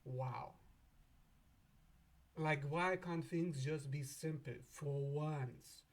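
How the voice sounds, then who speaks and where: A man hosting an astrology video in a casual, animated way, often laughing and acting out imagined back-and-forth voices. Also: a little high, extremely slow.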